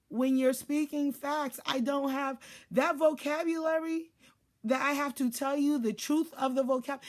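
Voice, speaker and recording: A woman giving casual life advice in a blunt, profane monologue, acting out what people say. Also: sits high. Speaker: life and spiritual advisor.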